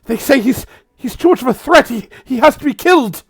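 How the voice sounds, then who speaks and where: A man's voice: very high-pitched, lively intonation, fairly quick, breathy edge, dry recording, clean studio sound, voice pushed up, heavily acted. A man voicing a panicked female messenger who stammers in a rush. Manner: stammering, frantic. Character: panicked young woman messenger.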